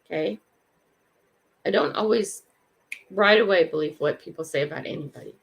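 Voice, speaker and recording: Speaking at normal speed in a lowish voice with vocal fry, the older host sounds as if the highs are cut off. She welcomes morning livestream viewers by name and reflects casually out loud as she chats.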